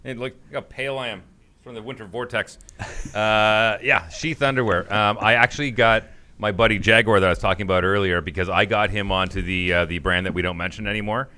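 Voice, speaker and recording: A man's voice: lowish voice, steady tone, brisk, bright, forceful tone. A man co-hosting a podcast, chatting casually and joking, sometimes slipping into goofy quoted voices. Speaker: podcast co-host. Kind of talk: casual chat.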